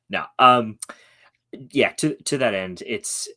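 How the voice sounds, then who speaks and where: A man's voice: mid-range voice, takes it slowly, pushed and bright. A man co-hosting a sports podcast, rambling and hesitant, with many restarts. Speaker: podcast co-host. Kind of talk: casual sports podcast chat.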